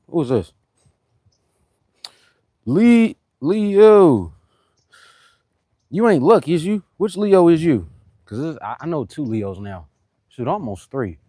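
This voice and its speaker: A man's voice: fairly high pitch, sing-song, slow, pauses often, warm tone, dry recording. A man chatting loosely and rambling on a live fitness stream, greeting commenters between his workout sets. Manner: loose and rambling, greets commenters, keeps saying "you know what I'm saying". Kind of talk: casual live-stream chat to viewers.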